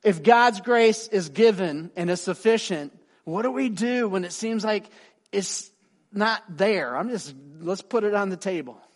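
Man preaching, high voice, animated storytelling, goes soft and quiet for emphasis. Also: measured pace. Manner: animated, acts out quoted people with big pitch swings. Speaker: pastor. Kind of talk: sermon with storytelling.

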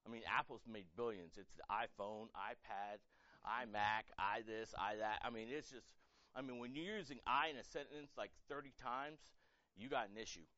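A pastor preaching a sermon with energy, acting out quoted voices and building to loud, emphatic peaks. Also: male voice, on the low side, normal speed, no room sound, dull audio.

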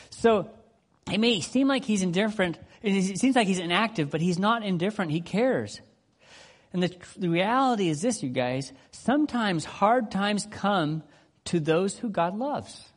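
A man's voice: high voice, normal speed. Conversational male pastor preaching. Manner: conversational, animated, acts out quotes. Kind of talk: casual sermon.

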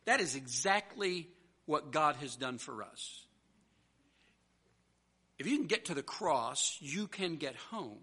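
Male pastor, slightly high, very sharp and forceful tone, earnest sermon delivery with call-and-answer emphasis. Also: very animated, takes it slowly, pauses often, slightly rough. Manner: conversational storytelling with restarts.

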